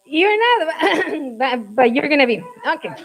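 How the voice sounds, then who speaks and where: A woman with a Mexican accent leading a teacher workshop, speaking slowly and coaxing the group along. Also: high voice, very animated, poor audio. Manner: slow, coaxing, checks on the group often. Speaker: teacher trainer. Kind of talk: classroom workshop.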